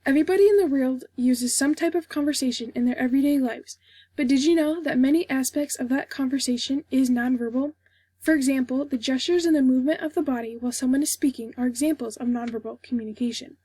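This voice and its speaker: A young woman, a student, reading out a formal informative speech for a class in a steady, scripted way. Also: high-pitched, quick pace, husky, dry recording.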